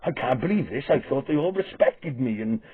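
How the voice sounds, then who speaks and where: A man's voice: medium pitch, animated, brisk, slightly rough. A man putting on a mocking impression of a prissy, wounded king complaining to his wife, with tinny phone-like audio.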